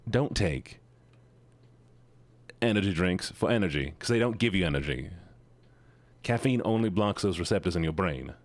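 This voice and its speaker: A man livestreaming, chatting casually and playfully with his viewers, often joking at his own expense. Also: no echo. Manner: playful, self-mocking, with sudden jumps in pitch. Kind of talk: casual chat to stream viewers.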